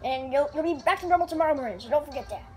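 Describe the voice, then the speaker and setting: A woman's voice: high-pitched, lively intonation, very fast, soft background music. A woman voicing an absent-minded eccentric old male professor inventor, stammering and easily flustered in a fan puppet video. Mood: frantic.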